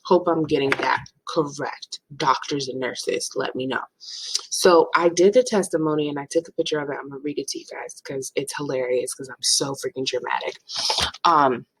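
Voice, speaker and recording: A young woman in her twenties telling a storytime in casual chat, animated and dramatic. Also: moderate pace, poor audio. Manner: animated, dramatic, swings into playful high voices for quotes. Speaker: vlogger.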